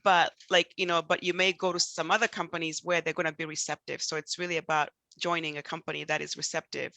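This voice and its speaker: A woman's voice: sits low, little pitch movement, fast talker, creaky, bright, forceful tone, no room sound. A woman panelist in a discussion, speaking hesitantly with frequent restarts.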